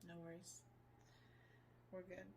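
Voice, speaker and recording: A middle-aged woman co-hosting a casual chat over drinks, telling stories in an animated way and acting out what people said. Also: on the low side, slow pace, vocal fry, over a noisy crowd. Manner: animated storyteller, acts out quotes. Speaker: podcast co-host.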